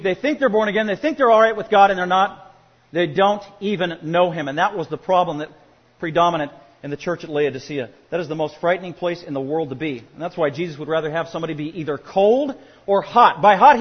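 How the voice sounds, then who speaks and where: A male pastor preaching a sermon, swinging from quiet asides to loud emphatic points. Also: sits high, slightly rough, long reverb tail, muffled recording.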